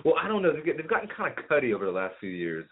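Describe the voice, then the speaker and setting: A man's voice: a little high, wildly swooping pitch, rapid-fire. A man hosting a casual podcast, rambling and joking with friends and laughing often. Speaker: podcast host. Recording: phone-like narrow sound.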